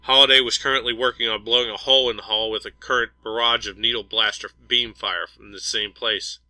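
A man narrating an audiobook in a steady, even storytelling manner. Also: medium pitch, brisk, no echo, low-quality recording.

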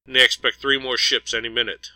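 A man's voice: mid-range voice, flat delivery, fast, pushed and bright, no room sound, poor audio. A man voicing a male pilot who reports in a plain, factual way. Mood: matter-of-fact. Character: matter-of-fact male pilot.

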